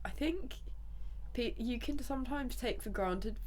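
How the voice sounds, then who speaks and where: A woman's voice: on the high side, measured pace, darkish tone, slight background noise. A woman in her late twenties co-hosting a casual podcast chat, congested, rambling with lots of "like" and frequent laughter. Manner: rambling, full of "like", laughs often. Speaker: podcast co-host.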